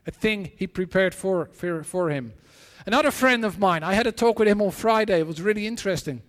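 Expressive and fairly bright, a high-voiced man preaches a sermon of personal anecdotes and prayer. His earnest storytelling stumbles with restarts and repeated words, carried by a large hall's long reverb.

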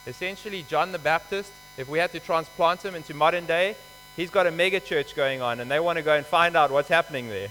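Guy preaching a sermon, bright forceful voice, echoey hall w/ faint hum. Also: a little high, a little fast. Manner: expository, conversational, emphatic.

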